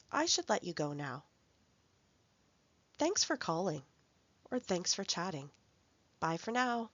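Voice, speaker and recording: A woman narrating a recorded language workshop, speaking clearly and carefully as she reads out example phrases. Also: mid-range voice, no room sound, muffled recording. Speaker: language support instructor.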